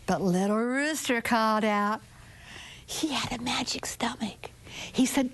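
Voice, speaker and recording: A woman storyteller telling a children's folktale with expressive, drawn-out phrasing and sudden whispered asides. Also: a little high.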